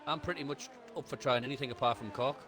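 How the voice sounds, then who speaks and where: A male co-commentator on a live sim race, calling sectors and lap times in a steady mid-range voice. He slips in dry, teasing jokes at his partner between calls. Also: medium pitch, fast, soft background music.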